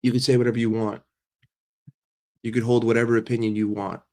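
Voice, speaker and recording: A man's voice: medium pitch, flat delivery, fairly quick, mellow. A man hosting a casual livestream while sick and congested, chatting with viewers, greeting them by name and often repeating himself. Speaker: livestream host.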